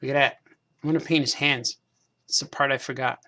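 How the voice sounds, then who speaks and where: In a mid-range, steady, sharp voice, the cartoonist speaks fairly quickly as he paints toy figures on his craft stream. His talk to himself is loose and wandering, full of repeated phrases and laughter at himself.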